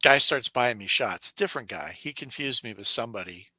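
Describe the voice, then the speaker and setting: A man's voice: medium pitch, expressive, a little fast, bright, forceful tone, no room sound, rough recording. A man co-hosting a podcast, telling workplace stories in casual chat, acting out the people he quotes and laughing often. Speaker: podcast co-host.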